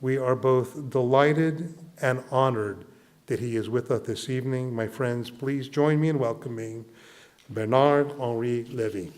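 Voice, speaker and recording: A man's voice: medium pitch, a little mellow. Man giving a formal introduction. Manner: measured, reads quotations aloud. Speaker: rabbi introducing the speaker.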